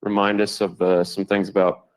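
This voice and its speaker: Man, low pitch, relaxed, jokey presenter. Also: moderate pace, poor audio. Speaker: fuel manager. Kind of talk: casual presenting.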